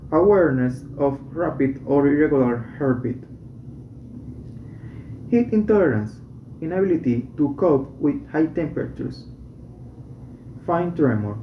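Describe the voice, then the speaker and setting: A man reading medical English textbook passages and exercises aloud, slowly and deliberately, stopping to correct himself. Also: a little high, expressive, a little hiss or hum. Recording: dull echoey room recording.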